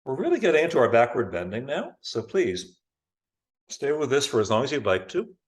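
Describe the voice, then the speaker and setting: A man teaching a yoga class over a video call, giving calm, unhurried cues for breathing and poses. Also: mid-range voice. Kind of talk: guiding a live online yoga class.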